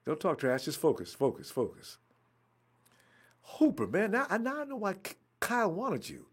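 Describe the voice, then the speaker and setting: Excitable male football fan reacting to a live game, a bit higher voice with a breathy edge. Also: moderate pace. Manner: excitable, talks at the screen, trash-talks players.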